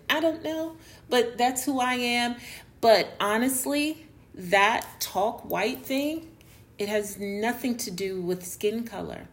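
A woman's voice: fairly high pitch, fairly bright tone. A woman from New York hosting a solo podcast, talking earnestly and explaining her views, with restarts and fillers. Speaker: podcast host. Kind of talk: casual solo podcast monologue.

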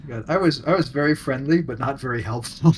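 A man's voice: mid-range voice, a little fast, a little mellow, slight background noise, poor audio. A man, a podcast co-host, telling stories with dry self-deprecating humor in casual chat.

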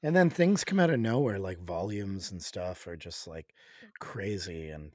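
A man's voice: deep voice, expressive, unhurried, dry recording, clean studio sound. A Canadian man, a podcast guest and recording engineer, chatting casually and rambling with many restarts. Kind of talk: casual chat.

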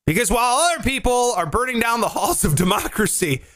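A morning show host with a very high, brisk voice tells stories with lots of energy on a casual comedy talk show, swearing freely.

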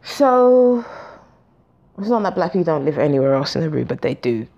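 A woman's voice: low voice, a little fast, dull audio. A woman in her forties hosting a podcast, telling a story casually, swearing freely and acting out the dialogue. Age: 40s. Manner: animated, profane, acts out dialogue. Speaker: podcast host.

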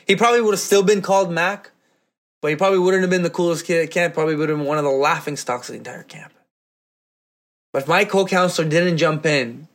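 A man telling a personal story to an audience, animated and acting out the voices of people in it. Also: fairly high pitch. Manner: animated, acts out voices in quotes, laughs often.

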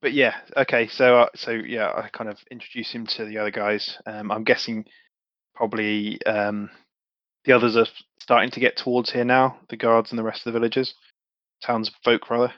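With a flat delivery and medium pitch, a male player speaks at a moderate pace as his character in a tabletop game. His banter is matey, laid-back and sprinkled with swearing, and the recording sounds dry and slightly muffled, with no room noise.

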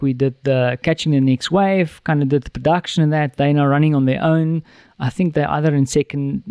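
A man's voice: a little high, a little mellow, clear, resonant tone, no room sound. A man hosting a podcast, chatting casually and rambling with many ums. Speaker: podcast host. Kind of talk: casual chat.

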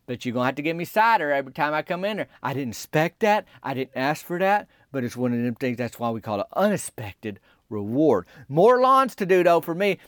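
A man telling a rambling, deadpan comic story in a conversational way. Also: fairly high pitch, dry recording, clean studio sound.

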